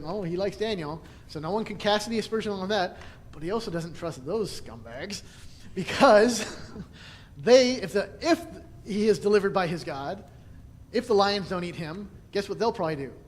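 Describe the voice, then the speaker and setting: Male Bible study teacher with a higher-pitched voice, relaxed and chatty, quick to laugh, recorded in a reverberant hall. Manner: chatty, laughs often, many restarts. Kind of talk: casual teaching talk. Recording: echoey hall, faint noise.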